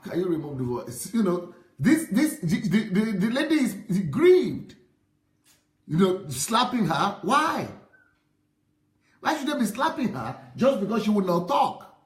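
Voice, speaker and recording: A man, a pastor commenting on a video in an impassioned, repetitive way that rises to shouts. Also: high-pitched, sing-song, a little slow. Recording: roomy echo.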